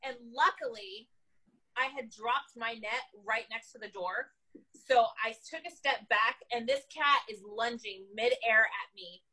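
A woman, an animal control officer, telling a story from her work in an animated, casual way, laughing often. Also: a little high, unhurried, breathy edge, poor audio.

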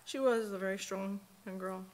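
A woman's voice: medium pitch, fairly even intonation, moderate pace, darkish tone, slight background noise. A middle-aged woman, a mother speaking at a memorial service, telling earnest, folksy stories about her daughter with lots of quoted dialogue. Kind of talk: personal eulogy storytelling. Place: church sanctuary.

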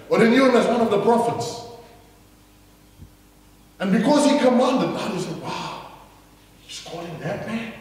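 High-voiced preacher in an echoing hall. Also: male voice. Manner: emphatic, dramatic storytelling that acts out the people in the story. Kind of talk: sermon. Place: large church hall. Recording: echoey church hall heard from far off.

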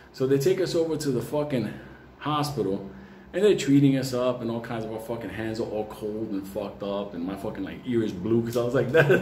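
A man's voice: mid-range voice, a little mellow. Profane man telling a story, laughing. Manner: swears heavily, laughs often. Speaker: market commentator telling a story. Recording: echoey room, faint ambient noise.

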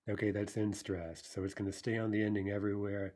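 A man's voice: on the low side, little pitch movement, a little fast, hardly any pauses, a little mellow. A man teaching a recorded language lesson, explaining step by step and checking in with "right?" as he sounds out verb forms. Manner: pronounces foreign verb forms carefully.

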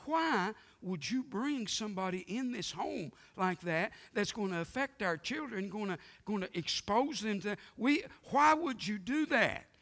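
A man voicing an alarmed, protective wife, with shrill, indignant questioning. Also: lively intonation, a little slow, hardly any pauses, a bit bright, in a large hall, full character voice.

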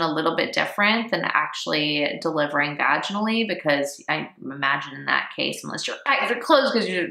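A woman's voice: sits low, creaky, bright, forceful tone. A woman in her thirties telling a personal story in a casual vlog, chatty and emotional, laughing often. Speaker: vlogger. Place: home room, indoors. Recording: echoey room.

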